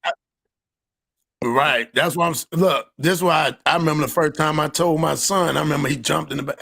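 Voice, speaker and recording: Gravelly man chatting. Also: fairly high pitch, a little fast, pushed and bright, no room sound, clean studio sound. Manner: laughing, chiming in, telling stories about his kids. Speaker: streamer host. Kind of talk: casual chat on a live stream.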